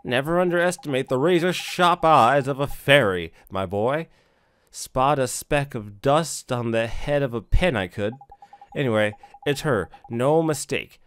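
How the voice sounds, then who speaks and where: A man voicing an excitable little male fairy, brash and scolding, reading game dialogue. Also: mid-range voice, unhurried, smooth, no room sound, voice pushed up, lightly acted.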